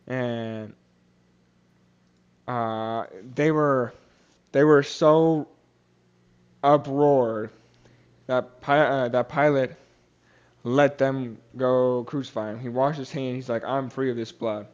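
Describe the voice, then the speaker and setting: A man's voice: mid-range voice, fairly even intonation, slow, long pauses, clean tone, lo-fi sound. Casual young man retelling scripture. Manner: casual, many fillers and restarts, acts out quotes. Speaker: podcast host. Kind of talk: casual Bible study retelling.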